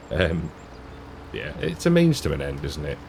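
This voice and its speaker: A man's voice: very deep voice, wildly swooping pitch, slow, darkish tone, a little hiss or hum. A man giving casual, rambling commentary while playing a farming game, often chuckling to himself. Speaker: gaming YouTuber.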